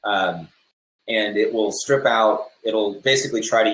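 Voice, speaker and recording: Halting low-voiced man giving a tech talk. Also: fairly bright tone, echoey room, poor audio. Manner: halting, many fillers and restarts. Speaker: conference speaker. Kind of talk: technical talk, loosely spoken.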